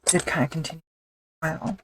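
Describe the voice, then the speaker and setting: A woman with a notably low voice gives an offhand, self-mocking commentary as she stitches leather. She murmurs half to herself between remarks, with a faint hiss of noise underneath. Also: fast. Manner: wry, mutters to herself as she works. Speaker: leatherworker streaming her craft. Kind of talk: casual running commentary while working.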